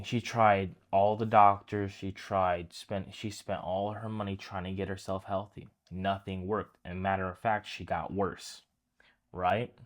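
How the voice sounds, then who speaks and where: A man giving a casual, conversational sermon, retelling a story and talking straight to his listeners. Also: sits low. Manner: conversational, addresses listeners as guys, restarts phrases. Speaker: preacher.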